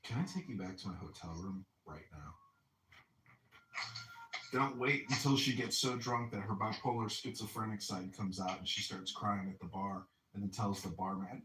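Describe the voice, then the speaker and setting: A man's voice: fairly low pitch, moderate pace, bright, forceful tone. A man hosting a casual podcast, telling boastful rambling stories and laughing at his own jokes. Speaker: podcast host and political candidate. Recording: echoey room, distant mic, faint noise.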